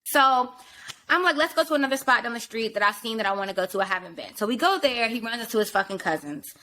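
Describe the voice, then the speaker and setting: A woman hosting a podcast, telling a casual and profane story in an animated way, jumping in and out of quoted voices. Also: on the high side, fast talker. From rural area. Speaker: podcast host.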